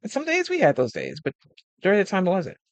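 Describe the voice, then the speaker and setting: A man's voice: high voice, fast, dry recording. A man who is a life coach talking casually about friendship, telling stories and acting out the voices of friends, laughing often. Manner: animated storyteller acting out quoted friends. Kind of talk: casual advice monologue.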